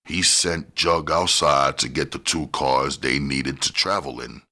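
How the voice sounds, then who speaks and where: A man narrating a crime novel audiobook in a steady, plain reading style. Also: very deep voice, a little slow. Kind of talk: scripted narration.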